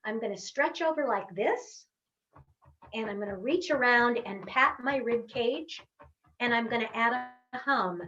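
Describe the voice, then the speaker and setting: Slow, high-voiced woman leading a vocal warm-up. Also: lo-fi sound. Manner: slow, encouraging instructions with long sung hums. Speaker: voice coach leading a workshop warm-up. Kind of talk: guided vocal warm-up instruction. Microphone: webcam on a video call.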